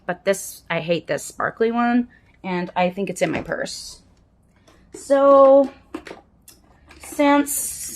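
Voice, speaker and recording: A woman in her fifties talks to camera from her home desk in a plain, mid-pitched voice. Her chat is frank and self-deprecating, and she sometimes drops into quiet muttered asides. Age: 50s. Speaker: vlogger doing a makeup routine.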